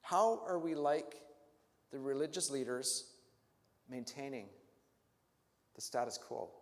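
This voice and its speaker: A male pastor speaks slowly in a mid-range voice inside a church sanctuary, where a long reverb tail trails his words. He asks the congregation reflective questions and rises to emphatic peaks.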